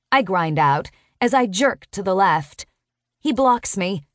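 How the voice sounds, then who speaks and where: A woman narrating a first-person romance audiobook in an expressive, sharp-tongued storytelling manner. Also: medium pitch, slow, no echo, studio quality.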